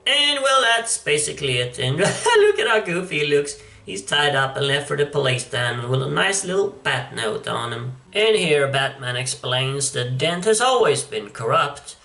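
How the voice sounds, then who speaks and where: A man's voice: on the high side, very animated, normal speed, vocal fry, few pauses, bright, forceful tone. A man giving casual, wry commentary on a comic book, chuckling as he goes. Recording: echoey room, distant mic.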